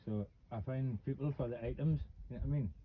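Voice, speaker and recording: A man's voice: medium pitch, quick pace, phone-quality sound, background noise. A Geordie man in his fifties from Newcastle, chatting casually and rambling through stories, acting out what people said. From Newcastle, England. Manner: rambling, animated storyteller acting out quotes. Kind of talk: casual chat, storytelling.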